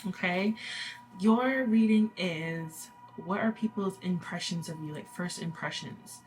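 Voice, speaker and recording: A woman's voice: fairly low pitch, a little slow, a little mellow, soft background music. Chatty woman doing a casual card reading. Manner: chatty and reassuring, many fillers and laughs. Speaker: tarot reader.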